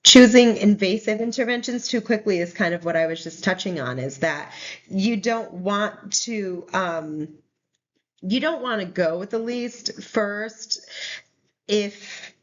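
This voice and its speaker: A woman's voice: medium pitch, lively intonation, unhurried, lo-fi sound. A woman teaching a recorded nursing lecture in a conversational, explanatory way with frequent fillers. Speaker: nursing instructor.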